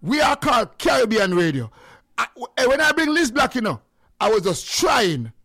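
A man with a Jamaican accent hosting a call-in radio show, loud and joking, slipping into patois. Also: very high voice, sing-song, moderate pace, slightly rough.

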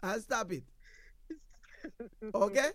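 A man's voice: sits high, slow pace, a bit bright, dry recording, clean studio sound. A man with a Jamaican accent hosting a call-in radio show, bantering in patois, laughing often and repeating himself. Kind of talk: casual call-in radio chat.

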